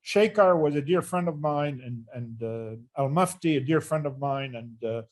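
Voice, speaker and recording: A man's voice: mid-range voice, moderate pace, darkish tone. An older man, a retired neurosurgery chair, earnestly recalling his career in an interview and often restarting phrases.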